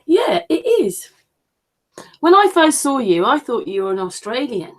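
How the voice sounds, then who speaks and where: Female panelist on a video call, teasing, with lively pitch. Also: unhurried. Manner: laughing, teasing. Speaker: panel member. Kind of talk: casual online panel chat.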